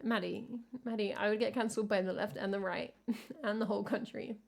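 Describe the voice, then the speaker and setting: A woman's voice: medium pitch, fairly even intonation, a little fast, gravelly. Woman chatting loosely between songs. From England. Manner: rambling, loose, full of "like" and "I don't know"; teasing viewers in the chat. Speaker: singer-songwriter streamer. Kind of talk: casual chat to viewers between songs on a music livestream.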